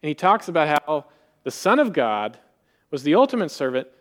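A man preaching a sermon in an animated way, acting out quoted voices with rising emphasis. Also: fairly high pitch, normal speed. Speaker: pastor.

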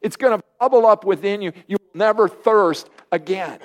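A man preaching a sermon, lively and earnest, often acting out the voices of people he quotes. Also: high voice, moderate pace. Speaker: pastor.

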